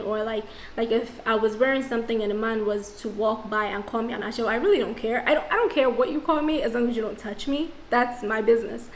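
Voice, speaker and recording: A woman's voice: a little high, a little hiss or hum. A young woman from the diaspora talking straight to camera in a reflective vlog, frank and self-questioning, restarting her sentences as she thinks aloud. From Nigerian diaspora. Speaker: vlogger. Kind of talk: reflective casual vlog monologue. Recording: echoey room with faint music.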